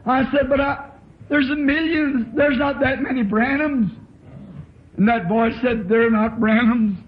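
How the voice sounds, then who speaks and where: A man's voice: very high voice, steady tone, measured pace. A man preaching a sermon in a church, telling his story with fervent emotion. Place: church tabernacle. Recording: dull lo-fi old tape recording.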